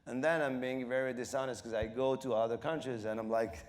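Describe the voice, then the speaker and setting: A middle-aged Moroccan comedian with a French accent is interviewed on stage in a mid-range voice. He laughs often, acts out voices, and speaks in halting bursts full of fillers.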